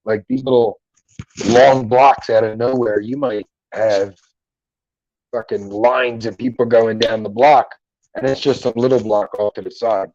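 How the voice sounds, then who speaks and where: A man's voice: medium pitch, steady tone, measured pace, a little mellow, dry recording, lo-fi sound. A middle-aged man hosting a livestream, chatting casually and joking with viewers' comments in a loose, profane way. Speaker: livestream host. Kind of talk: casual chat reading live comments. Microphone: headphones and mic at a computer.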